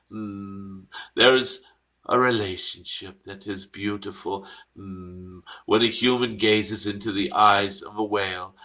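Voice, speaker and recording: A man channeling a gentle, wise cosmic dragon spirit in a slow guided meditation, humming "mm" between phrases. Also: fairly low pitch.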